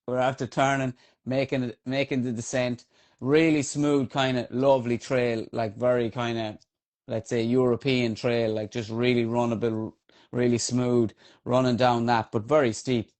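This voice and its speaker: Animated Irish man telling race stories. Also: mid-range voice, normal speed. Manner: animated, swears freely, many fillers. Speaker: trail runner guest. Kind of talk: casual podcast storytelling.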